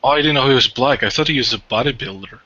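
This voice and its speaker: A man's voice: medium pitch, pushed and bright, no echo. A man in a casual group discussion, joking around and laughing easily. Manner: jokey, quick to laugh. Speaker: panelist. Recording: dull lo-fi recording.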